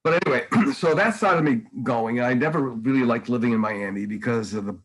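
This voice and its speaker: A man's voice: medium pitch, fairly quick, low-quality recording. A man in his sixties, a painter guest on a podcast, telling long stories in casual talk with many ums and restarts. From New England. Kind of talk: casual conversational interview.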